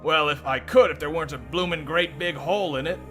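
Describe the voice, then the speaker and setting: A man voicing a scruffy male goblin peddler in a game's text, hurried and fussy. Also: a little high, pushed and bright, faint music behind, pitched above the performer's own voice.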